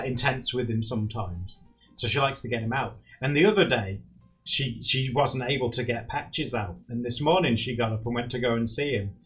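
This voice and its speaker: A young man streaming live, chatting casually and rambling while he draws, often laughing and jumping into high squeaky bursts. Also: fairly bright tone. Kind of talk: casual chat while drawing on a livestream.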